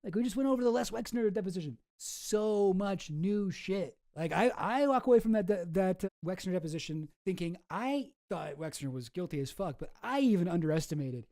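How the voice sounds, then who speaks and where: Male streamer host, fairly high mellow voice, sarcastic and rambling, dry close sound. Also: animated, brisk, few pauses, no echo. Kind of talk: casual livestream commentary.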